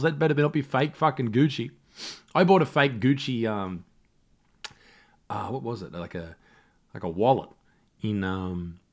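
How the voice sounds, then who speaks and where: Profane Australian man ranting. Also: mid-range voice. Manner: profane, rambling, laughing. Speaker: comedian podcast host. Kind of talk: solo comedy podcast rant. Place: home setup in self-isolation.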